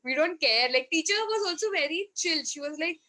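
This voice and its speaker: Indian english lady chatting on a podcast, high voice, lively storyteller, laughs a lot, acts out the dialogue. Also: brisk, poor audio. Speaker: podcast guest, marketing head. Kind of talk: storytelling in casual conversation.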